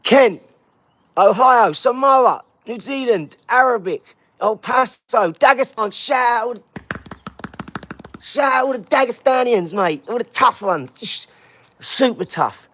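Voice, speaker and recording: English guy on a livestream, higher voice, firing off shout-outs to viewers, pumped up. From England. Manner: energetic, shouting out places in quick bursts. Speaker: livestream host. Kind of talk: live-stream chat, reading out viewers' comments.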